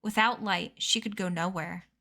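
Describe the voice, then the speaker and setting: Woman, mid-pitched, unhurried read-aloud storyteller, hushes down for the tense parts. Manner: measured storytelling, dropping soft and quiet at tense moments. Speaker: streamer reading a book aloud. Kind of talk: reading a novel aloud.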